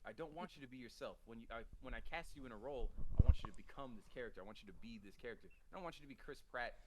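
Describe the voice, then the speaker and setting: Fast-talking animated man. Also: medium pitch, very noisy. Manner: opinionated, animated, laughs often. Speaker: podcast co-host. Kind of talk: casual chat.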